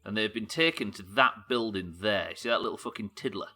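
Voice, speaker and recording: On a live stream, a man gives casual gameplay commentary, swearing, joking, and thinking aloud as he plans each move. His fairly low voice is sharp-toned and fairly quick.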